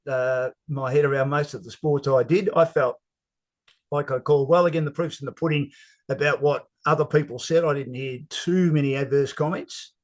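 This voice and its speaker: A middle-aged Australian man, a sports broadcaster, telling stories in an interview with plenty of casual fillers. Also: on the high side. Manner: animated storyteller, casual filler words. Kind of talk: storytelling interview.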